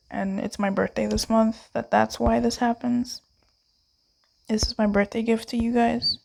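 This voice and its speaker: Young woman doing a pick a card tarot reading, chatty, giggly, fairly high voice, lots of like and babe. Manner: chatty and playful, laughs often, lots of "like" and "babe".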